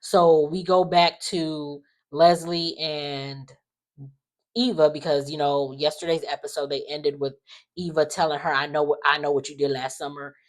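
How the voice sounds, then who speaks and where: A woman with a low, full voice talks through a soap opera recap. She is animated and throws herself into quoting the characters, with dramatic asides as she goes. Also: normal speed. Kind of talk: casual recap commentary.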